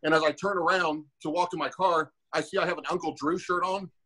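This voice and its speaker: A man's voice: a little high, a little fast, breathy edge, low-quality recording. A man in his forties, a former fighter, telling a rambling, profane story on a podcast and acting out the voices of the people in it. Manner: animated, acts out quoted dialogue.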